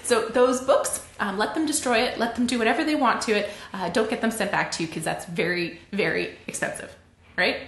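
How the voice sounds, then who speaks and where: Canadian woman, livestream host, chatty, animated, lots of laughter, roomy echo. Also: fairly high pitch, a little fast. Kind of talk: casual livestream teaching.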